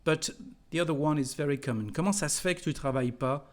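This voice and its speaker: A man's voice: on the high side, quick pace. A man with a French accent, teaching French to English speakers and repeating example phrases patiently. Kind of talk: language lesson.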